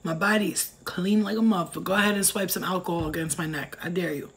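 A woman's voice: fairly low pitch, fast talker. Brash, cursing woman reading tarot. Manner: brash, profane and rambling; goes off on tangents. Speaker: tarot reader.

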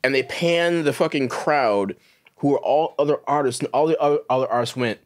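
A man's voice: medium pitch, fairly quick. A man co-hosting a casual studio talk show, telling stories with mocking put-on voices when he quotes people. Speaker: podcast co-host. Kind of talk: casual opinionated chat. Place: recording studio.

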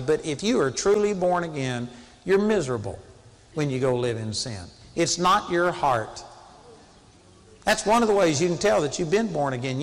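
A man's voice: fairly high pitch, fairly bright tone, big-room sound. A man preaching a sermon in an earnest, conversational way that rises to sudden emphatic peaks.

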